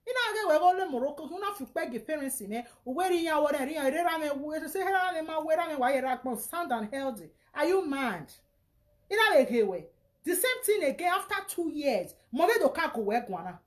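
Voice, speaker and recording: Nigerian woman, high voice, angry scolding rant. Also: sing-song, a little fast. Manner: scolding, insulting, repeats herself. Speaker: vlogger. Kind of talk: angry social media rant.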